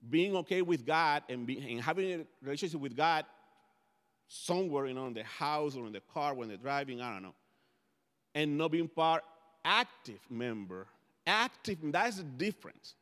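Spanish-native pastor guy preaching, slightly high voice, big echoey hall. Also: expressive, moderate pace, pauses often, fairly bright tone. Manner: conversational preaching with frequent restarts. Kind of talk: sermon. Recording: long hall reverb.

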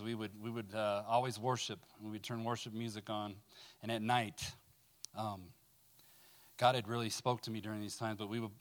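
A man gives a personal recovery testimony, speaking haltingly with fillers and repeated words, then reads scripture aloud with rising fervor. His voice sits on the low side and sounds a bit bright.

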